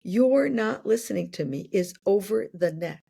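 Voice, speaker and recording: A woman in her sixties, a podcast guest, explaining ideas through worked examples in a relaxed conversational way. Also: mid-range voice, normal speed, vocal fry, slightly rough. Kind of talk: conversational interview.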